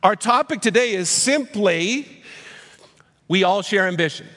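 A man's voice: sits high, lively intonation, unhurried, fairly bright tone, big-room sound. A man preaching a sermon as pastor, conversational, with rhetorical questions.

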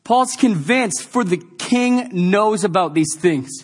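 A man's voice: high-pitched, expressive, takes it slowly. A male pastor preaching a sermon, emphatic and repetitive, then slipping into a confiding personal story. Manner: emphatic, repeats lines, shifts to confiding storytelling.

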